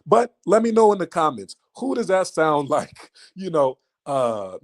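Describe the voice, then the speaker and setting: Guy hosting a livestream, kinda higher voice, animated and mocking, keeps asking the chat stuff. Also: a little slow, hardly any pauses. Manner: animated, mocking, repeats questions to the audience. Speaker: livestream host. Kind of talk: casual livestream talk to chat.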